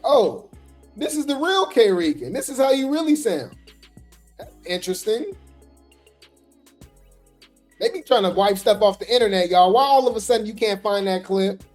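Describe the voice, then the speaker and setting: A woman's voice: medium pitch, a little mellow. A woman hosting casual gossip commentary, chatty and sassy, talking straight to her viewers.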